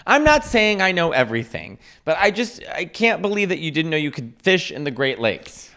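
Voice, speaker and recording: A man's voice: a little high, big pitch swings, creaky, pushed and bright. Teasing Chicago-accented man. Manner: teasing, chatty, quick to explain. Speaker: podcast co-host. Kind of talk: casual comedy podcast chat.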